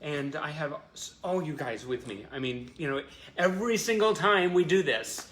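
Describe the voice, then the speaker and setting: An effusive man chats warmly to viewers on a livestream, his voice bright and a little higher than most men's. He circles back on his words, stumbling through fillers as feelings rise. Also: lively intonation, moderate pace. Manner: emotional, effusive, many fillers and restarts. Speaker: host of a fan livestream. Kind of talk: casual heartfelt chat to viewers.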